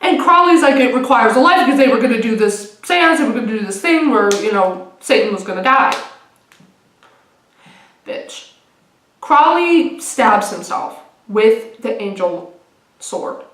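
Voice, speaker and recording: A woman's voice: fairly high pitch, expressive, a little slow, pauses often, a bit bright, slight background noise. Rambling young woman vlogger, echoey room. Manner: rambling, swearing, restarts often. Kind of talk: casual TV recap. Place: room at home.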